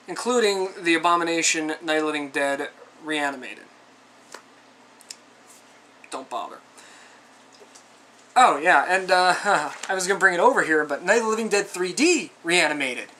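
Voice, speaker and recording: In a casual film review, this man's fairly high voice carries lively intonation at normal speed, with long pauses and a pushed, bright quality. The movie reviewer rambles conversationally with frequent asides, exasperated and sarcastic.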